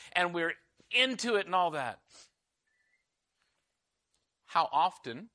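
A middle-aged man preaching a sermon, acting out quoted dialogue and swinging from loud preaching to hushed intensity. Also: fairly high pitch. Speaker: pastor.

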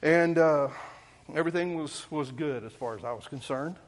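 A man's voice: a little high, normal speed. A man, preaching and telling a childhood story in a folksy way, often correcting himself mid-sentence. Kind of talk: sermon storytelling.

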